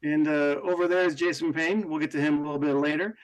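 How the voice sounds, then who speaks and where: A male podcast co-host whose voice sits somewhat high for a man. He talks in a relaxed, joking way, bouncing banter off his co-host. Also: fast talker, poor audio. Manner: playful, easygoing banter. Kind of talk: casual podcast chat.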